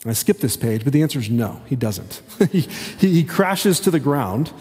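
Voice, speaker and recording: A man giving a conversational sermon as a pastor, talking haltingly with many restarts. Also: medium pitch, big pitch swings, darkish tone. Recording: long hall reverb.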